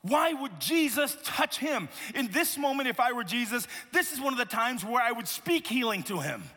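Male pastor, animated storyteller, bright high voice, reverberant hall. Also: normal speed. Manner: animated storytelling with playful asides. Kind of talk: sermon.

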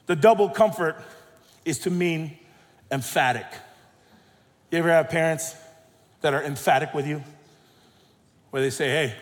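A middle-aged male pastor preaching a sermon with emphatic, dynamic delivery that swings between soft drops and loud rises. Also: sits high, normal speed, long pauses. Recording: long hall reverb.

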